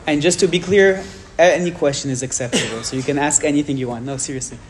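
A man with a French accent gives a public talk and answers questions from the audience frankly. His voice is fairly high, and he speaks with measured pauses and restarts.

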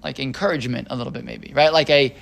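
A man's voice: medium pitch, fairly even intonation, fast talker, creaky. A man leading a text study class, aloud and explaining them, thinking aloud with frequent restarts and "right?" checks to the group. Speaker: Torah teacher.

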